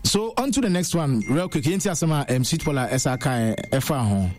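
A man's voice: on the high side, expressive, brisk, darkish tone, faint music behind. A man hosting a casual entertainment news show, mixing English and Twi and laughing along. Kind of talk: casual showbiz news chat.

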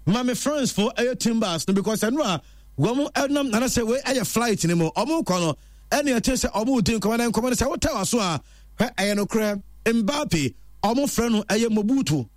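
A man presenting a chatty football news roundup in an animated storytelling way. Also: sits high, normal speed, no room sound, studio quality.

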